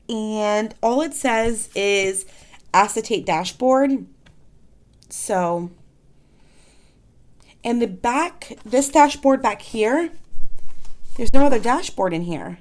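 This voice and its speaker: A woman chatting casually in an unboxing vlog, gushing with excitement, gasping and exclaiming softly as she shows off planner supplies at her desk. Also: on the high side, slow pace, pauses often. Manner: gushing, excitable, frequent gasps and soft exclamations.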